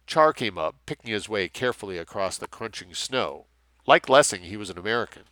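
Bright, dry-voiced male narrator. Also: on the low side, lively intonation, a little fast, no room sound. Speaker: audiobook narrator. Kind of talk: scripted narration.

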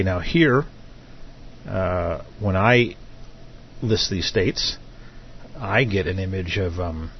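A middle-aged man hosts a live internet radio talk show in a deep, low voice, stopping often on filler words as he goes. The audio is dull and lo-fi, with a faint hiss of noise beneath him. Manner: halting, frequent filler hesitations. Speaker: host.

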